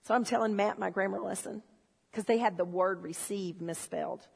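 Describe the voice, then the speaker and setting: A woman preaching a sermon in a church, telling stories and swinging from low, confiding talk to shouted excitement. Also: moderate pace, gravelly, husky. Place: church hall. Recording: long hall reverb.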